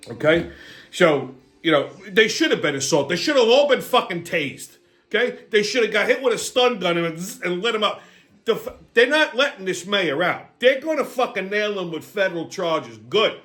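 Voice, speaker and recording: A man's voice: sits high, sing-song, normal speed, fairly bright tone. A man hosting a comedic rant, profane, brash and sarcastic. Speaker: host.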